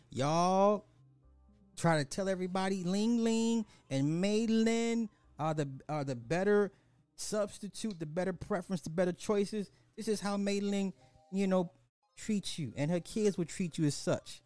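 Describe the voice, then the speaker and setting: A man with a somewhat high voice gives casual social commentary, swearing freely and mocking the people he talks about. He repeats phrases for effect. The recording is dry and close, with faint music underneath. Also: takes it slowly, dry recording. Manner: profane, mocking, animated storytelling with repeated phrases. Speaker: podcast host.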